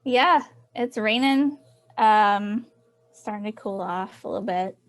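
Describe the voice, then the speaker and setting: A Southern-accented woman chats as an author guest, rambling and quick to laugh at herself. Her voice sits at an everyday middle pitch for a woman. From Tennessee, US. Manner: laughing, rambling, self-deprecating. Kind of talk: casual interview chat.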